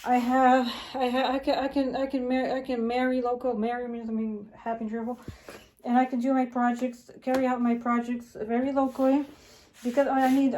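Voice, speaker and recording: A woman rambling through a casual vlog monologue, halting and restarting often, repeating phrases, and acting out her own lines in a higher voice. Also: warm tone, rough recording. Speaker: vlogger.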